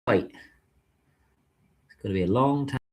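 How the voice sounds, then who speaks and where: A man's voice: mid-range voice, measured pace, warm tone. A man chatting casually on a livestream while he waits in a taxi queue, musing aloud and answering viewers' comments. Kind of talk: casual live-stream chat.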